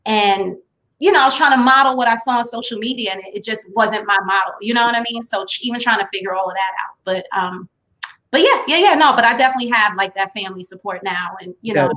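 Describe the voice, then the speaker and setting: A woman's voice: a little high, fast talker, pushed and bright. A woman guest in a casual interview, talking in a chatty way full of "you know" and "like," laughing easily. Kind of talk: casual live-stream interview.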